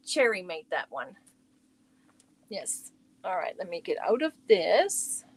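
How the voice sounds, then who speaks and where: A woman's voice: medium pitch, expressive, slow. A middle-aged woman chatting casually on her crochet livestream from home, rambling and talking to viewers by name.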